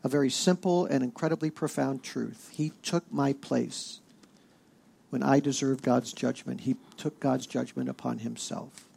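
A man's voice: medium pitch, fairly even intonation, measured pace, vocal fry, dark tone, slightly rough. A male pastor preaching a sermon, emphatic and rising in force as he reads scripture aloud.

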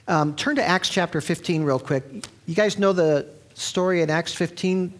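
A man preaching a sermon in a conversational, storytelling way, with frequent restarts. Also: moderate pace. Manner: animated, sweeping pitch.

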